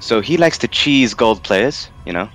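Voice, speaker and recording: A man's voice: mid-range voice, lively intonation, normal speed, a bit bright. A man from London, casting a game tournament in a rambling, jokey way and laughing often. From London, England. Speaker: tournament caster. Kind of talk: casual game commentary.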